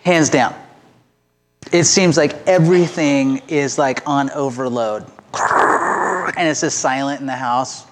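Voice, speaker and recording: Male pastor, mid-pitched, easygoing sermon delivery in a church sanctuary, some ums and restarts. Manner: conversational, relaxed, with fillers and restarts, then slow deliberate pauses. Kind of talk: informal sermon to a congregation. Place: church sanctuary with rows of seats.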